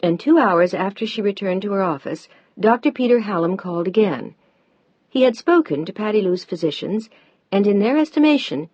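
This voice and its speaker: A woman narrating an audiobook in a measured, even way. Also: mid-range voice, breathy edge, dry recording. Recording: dull dry audiobook recording.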